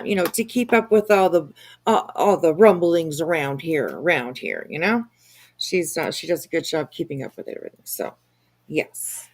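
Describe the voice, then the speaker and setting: A woman's voice: fairly low pitch, vocal fry, darkish tone. A woman hosting a casual commentary stream, chatty and swearing freely, with many fillers.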